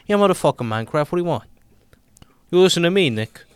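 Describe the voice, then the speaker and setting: A man voicing a brash Italian-American tough-guy gamer as a comedic bit, loud and profane. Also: sits high, sing-song, fairly quick, dry recording, pitched above the performer's own voice. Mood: aggressive swagger. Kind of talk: comedic bit in podcast chat.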